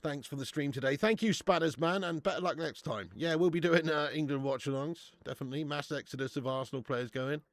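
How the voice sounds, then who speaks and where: A man's voice: a little high, fast, hardly any pauses, no echo, studio quality. A young man hosting a live watch-along stream, bantering with viewers, swearing and laughing often. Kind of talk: live casual chat to viewers.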